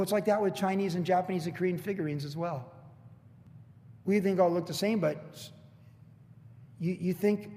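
A middle-aged man preaching a conversational sermon to an evening congregation, full of joking asides and bursts of excited emphasis. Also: on the high side. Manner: chatty, jokey asides, swings into excited emphasis. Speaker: pastor. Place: church hall with evening congregation. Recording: long hall reverb.

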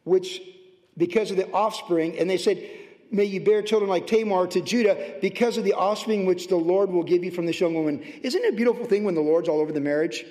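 A passionate man preaching from the pulpit, his voice pitched high and swinging between fervent bursts and hushed, tender asides. The sermon carries a long, ringing church reverb. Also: fairly quick. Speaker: pastor. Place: church sanctuary.

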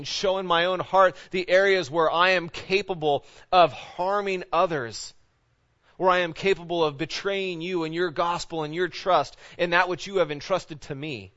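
A man preaching a sermon as a pastor. He keeps asking rhetorical questions with a repeated "right?" and swings between loud emphasis and quiet, low intensity. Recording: dull lo-fi sound.

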